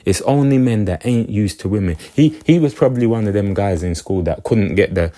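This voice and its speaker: A man talking in a very low, deep voice. His casual monologue rambles and loops back on itself. He keeps asking whether the listener gets what he means. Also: fairly quick, mellow. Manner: rambling, repeats himself, keeps checking "you get me". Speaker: commentator.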